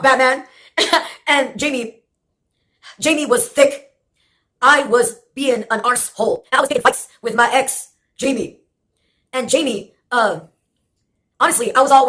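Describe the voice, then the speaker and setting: A woman's voice: high-pitched, fairly bright tone. A woman from Texas in a rambling, sarcastic monologue, swearing and laughing often as she jumps between topics. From Brownsville, Texas.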